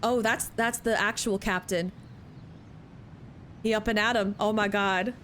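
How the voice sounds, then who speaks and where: A young woman streaming a game and reacting excitedly, gushing and exclaiming at the story. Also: mid-range voice, unhurried, slight background noise.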